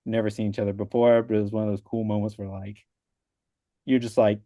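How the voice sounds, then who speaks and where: A man's voice: lowish voice, little pitch movement, a little fast, dark tone, dry recording, studio quality. A man, a father with a wife and young kids, casually telling the story of passing his exam on a video call, rambling with lots of "like" and acting out the people he quotes. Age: adult with a wife and young kids. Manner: rambling, full of "like", acts out quoted voices. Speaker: exam passer sharing his story as a guest.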